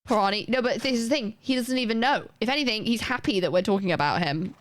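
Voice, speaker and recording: A woman's voice: on the high side, no echo. Chatty woman streaming. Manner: rambling, chatty, self-deprecating, quick asides. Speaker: live streamer. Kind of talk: casual chat while gaming.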